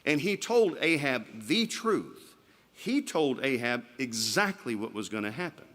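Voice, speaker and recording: A man delivers an evening sermon in a church, with a voice of ordinary pitch. He talks in a relaxed, conversational way and turns to the congregation with rhetorical questions as he explains the passage. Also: measured pace. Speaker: preacher. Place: church sanctuary.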